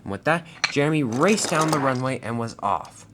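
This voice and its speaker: Guy telling a homemade train story, animated voice, slight hiss. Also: medium pitch, normal speed. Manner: plain storytelling with restarts. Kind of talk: fan story narration.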